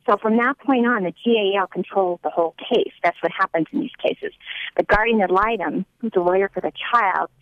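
A woman's voice: mid-range voice, fairly quick, dry recording, lo-fi sound. A woman giving a personal testimony, telling her story earnestly and acting out the dialogue as she recounts it.

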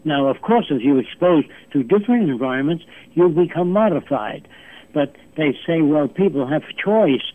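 A man in his nineties, a guest on the phone, lecturing emphatically and pressing his points with rhetorical questions. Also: on the high side. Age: 90s. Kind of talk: lecturing interview answers. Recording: tinny phone line.

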